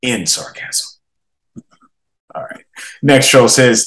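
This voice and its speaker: Man, young adult, lowish pitch, slangy, animated, laughing, casual gaming podcast host. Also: moderate pace, rough recording. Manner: animated, laughing, slangy reactions to viewer comments.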